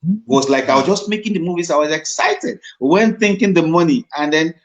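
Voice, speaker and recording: A man's voice: on the high side, a little fast. A middle-aged man with a Nigerian accent, an actor telling stories in a casual interview and slipping into Pidgin. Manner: animated storyteller, dips into Pidgin. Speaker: guest actor. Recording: dull lo-fi recording.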